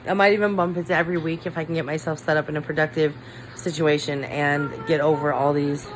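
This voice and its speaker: Brief: woman vlogger at home, rather low voice, loose rambling chat, lots of "like", faint hiss behind. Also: fairly even intonation, quick pace. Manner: rambling, heavy use of "like" fillers. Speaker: vlogger, mother. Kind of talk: casual chat to camera. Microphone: camera.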